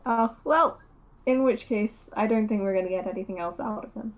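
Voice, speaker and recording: Calm woman playing a tabletop investigator. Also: medium pitch, highs cut off. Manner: calm, measured, patient questioning. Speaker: player.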